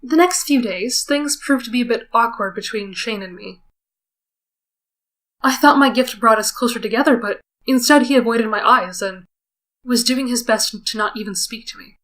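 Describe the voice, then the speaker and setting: A woman with a somewhat high, fairly bright voice reads a visual novel aloud at a normal speed. She is a let's player who keeps breaking off between the read lines to slip in wry, self-conscious asides.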